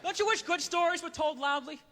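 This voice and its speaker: A man doing a stand-up routine on stage, ranting loudly with mock outrage. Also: very high-pitched, brisk, big-room sound, some chatter behind, a little hiss or hum. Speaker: stand-up comedian. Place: comedy stage.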